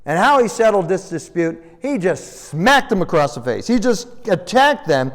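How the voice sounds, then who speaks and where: A man preaching a sermon as pastor, telling the story with animated, acted-out voices. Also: high-pitched, normal speed. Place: church sanctuary. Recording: long church reverb.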